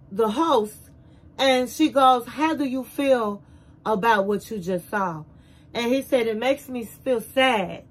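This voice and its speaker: Woman host, high voice, chatty recap, acts out the quotes. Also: low-quality recording. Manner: animated retelling, acting out quotes. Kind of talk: casual recap narration.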